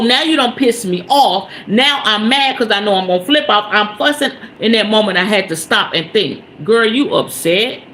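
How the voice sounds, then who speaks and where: A woman hosting a podcast, telling a story in casual talk about mindfulness. She is animated and emphatic, uses salty slang and swearing, and keeps checking in with her listeners. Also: a little high, a little hiss or hum. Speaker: podcast host.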